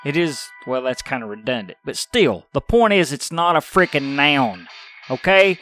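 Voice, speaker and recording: A man's voice: mid-range voice, sing-song, moderate pace, fairly bright tone, soft background music. A middle-aged man hosting a podcast, ranting in an exasperated, profane way. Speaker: podcast host. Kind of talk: casual ranting podcast talk.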